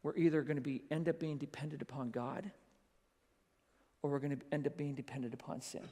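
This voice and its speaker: A man giving a school chapel sermon in an animated way, acting out quoted voices and calling his listeners "you guys". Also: a little high, fairly quick. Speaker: chapel speaker. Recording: long hall reverb.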